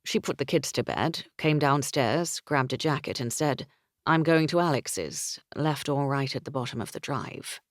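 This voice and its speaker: A woman's voice: extremely low pitch, moderate pace, no room sound, clean studio sound. A woman reading an audiobook voices a man, a protective brother reporting things in a matter-of-fact way.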